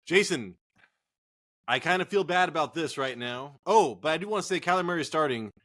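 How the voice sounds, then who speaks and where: A man's voice: a little high, lively intonation, brisk, a bit bright. A man co-hosting a casual fantasy football podcast, a bit tipsy from drinking, joking, swearing and rambling. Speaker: podcast co-host.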